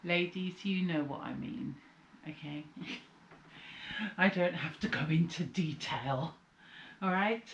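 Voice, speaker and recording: Woman from the UK, chatty haul vlogger with a slight cold; lowish voice, roomy sound with faint background noise. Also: takes it slowly, long pauses, muffled recording. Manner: chatty, tired, rambling. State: slight cold, sucking a lozenge. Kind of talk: casual chat.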